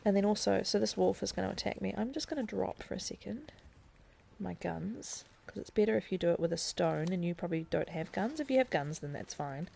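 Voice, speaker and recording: A woman's voice: mid-range voice, lively intonation, fairly quick, creaky, a little mellow, slight background noise. A woman streaming a video game live, chattily explaining the controls and thinking aloud as she plays. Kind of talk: casual live-stream gameplay tutorial.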